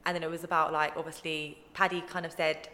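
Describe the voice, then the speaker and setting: A woman's voice: deep voice, quick pace. A young woman chatting as a guest, telling stories and acting out what others said. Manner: chatty storytelling, quotes others in lively voices. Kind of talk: casual chat. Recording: roomy with long reverb.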